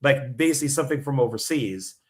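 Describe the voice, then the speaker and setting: A man co-hosting a casual podcast, chatty and quick to tell a long story or explain something at length. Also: mid-range voice, expressive. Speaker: podcast co-host. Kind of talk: casual livestream chat.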